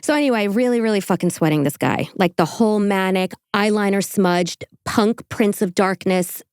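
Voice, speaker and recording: A woman's voice: mid-range voice, moderate pace, darkish tone, smooth, no echo, clean studio sound. A woman hosting a podcast in casual chat, chatty and giggly, swearing freely. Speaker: podcast host.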